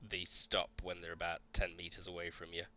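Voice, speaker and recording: A man with a low, bright, forceful voice runs a tabletop game as game master, narrating calmly. The sound is a little dull and lo-fi. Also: brisk.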